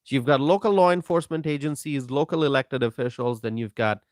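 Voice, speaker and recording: A man hosting a political commentary live stream, talking in a slow, emphatic way, repeating himself and greeting viewers by name. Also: medium pitch, dry recording, clean studio sound.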